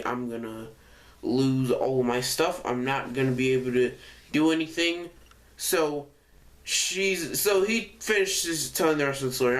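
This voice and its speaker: A young man telling a casual storytime, rambling and correcting himself often with lots of fillers. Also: medium pitch. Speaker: vlogger.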